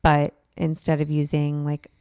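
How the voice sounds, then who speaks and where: A woman's voice: sits low, monotone, a little slow, a little mellow, clear, resonant tone, no room sound, clean studio sound. A woman co-hosting a podcast, chatting casually with lots of ums and likes. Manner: chatty, many fillers like um and like. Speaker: podcast co-host. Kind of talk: casual chat.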